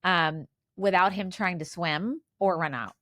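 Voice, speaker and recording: A woman's voice: fairly low pitch, a little slow, sharp tone, no echo, studio quality. A woman in her forties co-hosting a podcast, chatting casually and sharing trivia with lots of fillers and restarts. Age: 40s. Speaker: podcast co-host. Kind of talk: casual chat.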